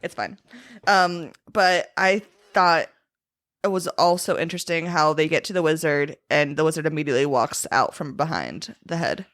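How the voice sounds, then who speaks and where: A woman's voice: sits low, normal speed, fairly bright tone. A young woman guest on a podcast, chatting casually with dramatic asides. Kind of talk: casual chat.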